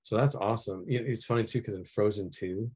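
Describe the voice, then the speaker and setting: Male podcast guest; reflective and thoughtful, very low pitch, husky tone. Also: fast, darkish tone. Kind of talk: casual chat.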